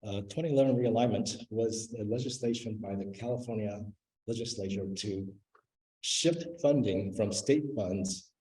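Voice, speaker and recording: A man's voice: lowish voice, moderate pace, mellow, low-quality recording. Explanatory man presenting to a commission. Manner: slightly nervous at first, then explanatory. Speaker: finance director. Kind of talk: staff presentation at a meeting. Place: government meeting room.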